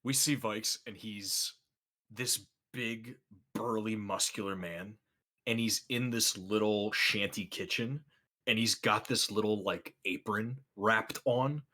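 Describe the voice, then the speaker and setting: A man playing a tabletop game, excitable and rambling, with many "likes". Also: lowish voice, slow pace. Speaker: player. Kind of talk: casual tabletop game chat.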